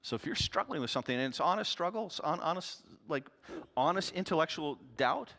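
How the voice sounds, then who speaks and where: A man's voice: on the high side, expressive, fairly quick, sharp tone, long reverb tail. A male pastor giving a sermon in an earnest, conversational way.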